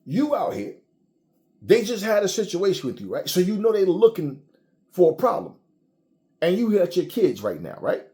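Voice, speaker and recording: A man's voice: high voice, wildly swooping pitch, moderate pace, long pauses, warm tone. Blunt, profane male ranter. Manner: blunt, profane, repetitive restarts. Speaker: commentator. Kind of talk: casual rant to camera.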